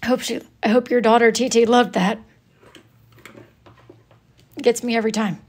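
A woman's voice: on the high side, steady tone, moderate pace. A woman chatting with viewers on a live stream in a playful, theatrical way, often mock-scolding them. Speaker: livestream host. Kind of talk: casual live-stream chat.

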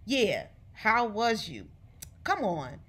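A woman reading aloud and voicing a bossy older girl of about ten, sharp and scolding, in dialect. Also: medium pitch, very animated, drawn-out words, slightly rough, full character voice.

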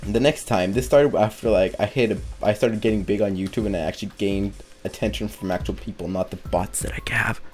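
A man's voice: lowish voice, a little fast, few pauses, darkish tone, soft background music. A teenage boy telling a casual storytime to his viewers, rambling and correcting himself as he goes. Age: teens. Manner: rambling, self-correcting, laughs while telling. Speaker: YouTuber.

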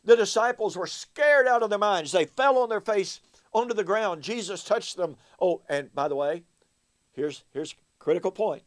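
A man's voice: high-pitched, lively intonation, normal speed. A man giving a recorded Bible teaching, emphatic and fond of rhetorical questions aimed at his listeners.

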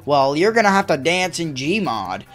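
A woman's voice: sits low, very animated, moderate pace. A woman voicing a laid-back, unhelpful man in a park, in a game role-play, with an offhand, dismissive manner.

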